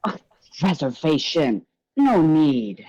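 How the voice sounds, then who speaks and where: A woman's voice: low voice, big pitch swings, slow pace, mellow, breathy edge, no echo, lo-fi sound, full character voice. A woman voicing a tall, flamboyant male drag club host with an attempted Irish accent, sultry and teasing. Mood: welcoming. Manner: sultry, teasing, calls people darling.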